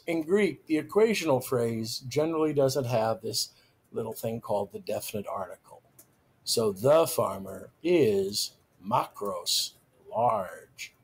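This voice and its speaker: A man teaching a recorded grammar lecture, slow and deliberate, stressing each key term. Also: mid-range voice, slightly rough.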